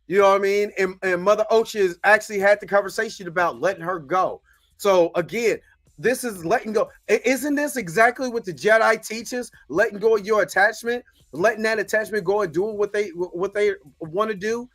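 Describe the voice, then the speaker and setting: High-pitched guy hosting his own show, slangy chatty recap, keeps going "you know what im saying", quiet music behind. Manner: acts out the characters' lines in quick bits. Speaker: show host. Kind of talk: casual episode recap commentary.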